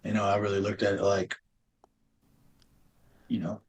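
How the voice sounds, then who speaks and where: A middle-aged man bluntly telling his life story as an interview guest, often dropping to a low, intense murmur. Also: flat delivery, moderate pace, slightly rough. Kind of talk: emotional personal storytelling.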